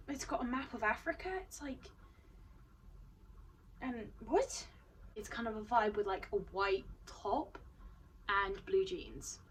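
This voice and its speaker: Woman, fairly high voice, casual haul vlog, chatty with filler words, recorded from a few feet away. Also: fairly bright tone, recorded from a distance, slight background noise, rough recording. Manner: chatty, frequent "like" and "um", wry asides. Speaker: vlogger.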